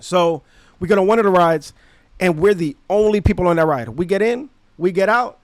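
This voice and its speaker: A man, casually telling a story on his podcast in an animated, slangy way. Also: high-pitched, normal speed, no room sound. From Brooklyn, New York. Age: 30s. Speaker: podcast host.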